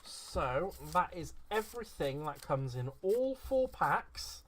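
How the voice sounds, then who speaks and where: A man's voice: on the high side, big pitch swings, slow, fairly bright tone. A man chatting casually as a craft vlogger, gushing over card-making supplies. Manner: gushing, effusive. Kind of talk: casual craft unboxing chat.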